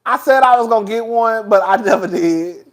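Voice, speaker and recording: A man hosting a casual talk stream, animated and sassy, laughing often as he chats. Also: sits high, normal speed. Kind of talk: casual commentary chat.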